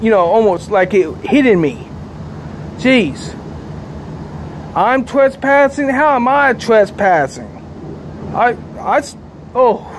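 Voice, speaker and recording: High-voiced rambling man outdoors. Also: a little hiss or hum. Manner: rambling, repetitive, agitated. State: sleepy. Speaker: vlogger. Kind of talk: rambling monologue to camera. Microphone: handheld camera.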